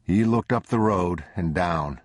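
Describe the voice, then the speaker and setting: A man narrates a bleak survival audiobook with a measured, grim delivery. His voice is deep and husky, and the close, dry recording keeps it intimate. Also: no echo. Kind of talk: scripted narration.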